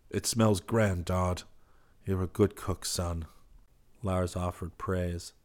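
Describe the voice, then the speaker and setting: A man reading a novel aloud as a steady, even audiobook narrator. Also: low-pitched. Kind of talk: scripted narration.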